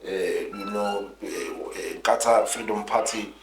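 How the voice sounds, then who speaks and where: A man's voice: on the low side, steady tone, takes it slowly, slight background noise. A man, a politician being interviewed, telling his story in an earnest, rambling way full of restarts. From South Africa. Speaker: guest politician. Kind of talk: interview, recounting his life. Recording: roomy echo.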